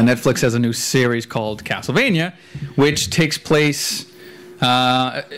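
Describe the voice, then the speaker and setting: A man's voice: medium pitch, clean tone. A man co-hosting a casual podcast, giving rambling reviews with jokey asides. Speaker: podcast co-host. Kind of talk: casual chat. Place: echoey room at home.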